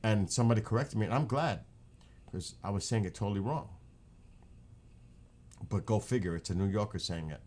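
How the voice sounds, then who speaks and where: A man's voice: fairly low pitch, fairly quick, long pauses, darkish tone. A man with a New York accent, chatting casually on his live stream, rambling and joking.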